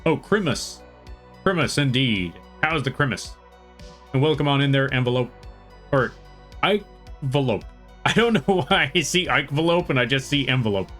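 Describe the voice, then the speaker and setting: A man's voice: mid-range voice, expressive, moderate pace, a bit bright, soft background music. Laid-back American man with a slight twang. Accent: American with a slight Southern twang. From western United States. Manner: friendly, rambling, greets chat by name. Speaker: art streamer. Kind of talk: casual live-stream chat.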